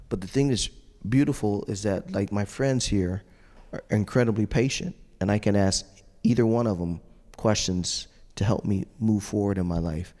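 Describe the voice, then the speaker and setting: A middle-aged man with a lowish voice tells an animated story, acting out the voices of the people he quotes and laughing now and then. His voice rings with the long reverb of a large hall. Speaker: trumpet player on a judges panel. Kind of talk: storytelling to an audience.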